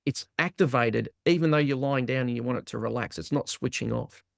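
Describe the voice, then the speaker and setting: A man, a guest in an interview, explaining in lively fashion and voicing the body's inner talk in quoted lines. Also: mid-range voice, fairly quick, vocal fry, dry recording, studio quality. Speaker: guest, trauma release exercise practitioner.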